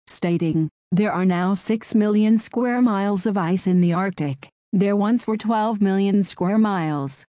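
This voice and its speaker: A woman's voice: mid-range voice, mellow, no echo, clean studio sound. A woman narrating scripted political commentary in a sarcastic, mocking tone.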